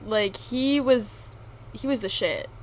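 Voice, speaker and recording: A young adult woman co-hosting a podcast, telling a story in animated, casual talk full of slang. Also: fairly high pitch, slow, slight background noise. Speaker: podcast co-host. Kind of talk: casual chat.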